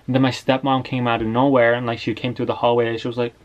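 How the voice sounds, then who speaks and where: Young dude rambling thru a story time, tons of "like", kinda muffled lo-fi audio. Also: male voice, medium pitch, flat delivery, fast. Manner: slangy, rambling, lots of "like". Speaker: vlogger telling a story.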